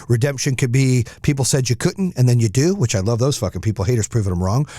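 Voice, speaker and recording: A man's voice: medium pitch, a little mellow, no echo, studio quality. A man hosting a podcast, giving a blunt, profane, fired-up motivational monologue. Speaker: podcast host.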